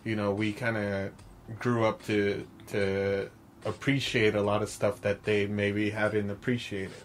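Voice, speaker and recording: A man with a lowish voice talks through a film in relaxed podcast chat, swearing freely. Faint noise hums behind him. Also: unhurried. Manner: loose, storytelling, swears freely. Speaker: podcast co-host. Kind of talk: casual film discussion.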